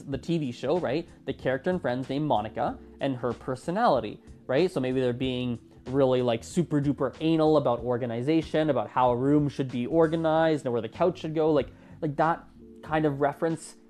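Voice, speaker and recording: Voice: medium pitch, moderate pace, soft background music. A podcast host in their twenties, talking casually and with animation on a solo episode. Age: 20s. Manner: chatty and animated, with a lively rising delivery.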